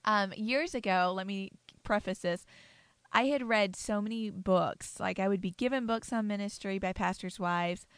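A woman's voice: medium pitch, normal speed, smooth, no echo. Middle-aged woman, laughing storyteller, dry sound. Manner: warm storytelling, laughs easily. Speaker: pastor's wife, podcast co-host. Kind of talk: casual conversation about books.

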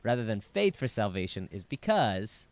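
A man's voice: on the low side, sing-song, moderate pace. A man who is a pastor co-hosting a casual podcast, chatting in an easygoing, joking way and explaining things readily. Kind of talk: casual chat.

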